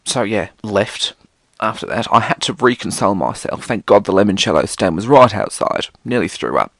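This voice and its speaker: A British man rambling through a casual solo podcast, sweary and theatrical. His voice sits fairly low and gravelly but swoops around animatedly. The sound is close and completely dry. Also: animated, moderate pace, fairly bright tone, no echo. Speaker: podcast host.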